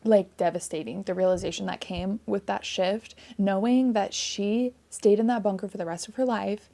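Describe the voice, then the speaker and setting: An earnest woman talks through a novel she loved in a casual book vlog. Her mid-pitched voice carries a steady gravelly fry, and she sounds thoughtful and reflective, leaning on "like" as she goes. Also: moderate pace. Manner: earnest and reflective, heavy use of "like". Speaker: book reviewer.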